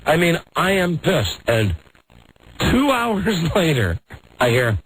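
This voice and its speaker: A middle-aged American man hosting a radio talk show, telling a self-mocking story in a lively, animated way. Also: a little high, takes it slowly, a little hiss or hum, poor audio. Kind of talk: casual on-air storytelling.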